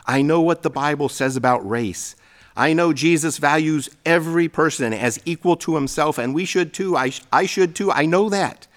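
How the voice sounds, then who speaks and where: A middle-aged pastor preaching a sermon, telling stories with self-deprecating humor. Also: male voice, fairly high pitch, normal speed.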